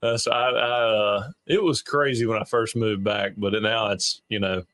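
A man's voice: on the low side, fairly even intonation, unhurried, a bit bright, no echo. A young man from Alabama, co-hosting a podcast and telling stories in a laid-back, easygoing way. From Mobile, Alabama. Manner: laid-back storyteller, laughs often. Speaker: podcast co-host, former quarterback. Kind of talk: casual chat.

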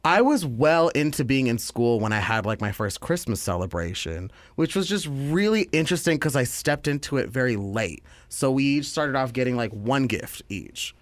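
Young man, mid-pitch, rambling storyteller, dry close sound. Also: lively intonation, moderate pace, few pauses, no echo. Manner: rambling storyteller, many filler likes, acts out voices. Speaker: podcast co-host. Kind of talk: casual chat.

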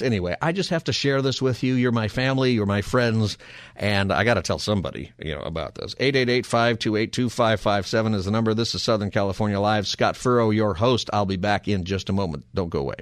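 A middle-aged man hosting a call-in radio show, telling a long exasperated story in a casual, animated way. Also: lowish voice, fast, no echo, clean studio sound. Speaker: radio talk show host.

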